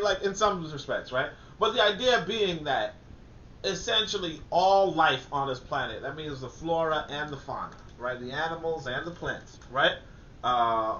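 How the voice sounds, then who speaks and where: A man's voice: on the high side, bright, forceful tone, a little hiss or hum. Rambling man, echoey distant recording. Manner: rambling, many fillers and restarts; preachy, repeats points for emphasis. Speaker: commentator and author. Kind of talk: casual monologue commentary. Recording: echoey, distant, dull lo-fi audio.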